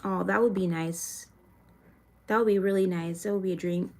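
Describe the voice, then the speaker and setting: A woman's voice: mid-range voice, fairly even intonation, moderate pace, darkish tone. A young woman from Florida chatting casually on a live stream, reading viewer comments aloud and venting frankly with plenty of swearing. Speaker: livestreamer answering chat.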